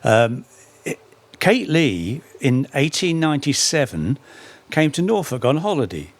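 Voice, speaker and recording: A man's voice: mid-range voice, big pitch swings, unhurried. A middle-aged man giving an anecdotal talk on folk history, with dry humour and frequent self-corrections. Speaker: speaker giving a public talk.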